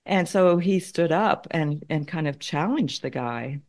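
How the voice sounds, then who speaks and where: A middle-aged woman with a notably low-pitched voice, speaking as an interview guest. She tells her story thoughtfully, repeating words as she finds her way through each point. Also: expressive, measured pace, a little mellow. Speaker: conflict consultant and guest.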